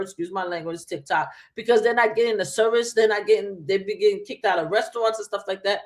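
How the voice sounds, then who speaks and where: A woman with a high, bright-pitched voice holds forth on her live stream, hammering her points home and repeating them for emphasis. She addresses her viewers directly in casual, opinionated commentary. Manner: emphatic, repetitive, preaching to viewers. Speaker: livestream host.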